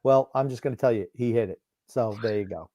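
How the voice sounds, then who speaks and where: A gruff, blunt man co-hosting a casual college football watchalong, drifting into rambling asides. His voice sits at a middling pitch and sounds dry and close, with no room echo. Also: fairly quick, dark tone. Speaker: podcast co-host called Grump. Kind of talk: casual game watchalong chat.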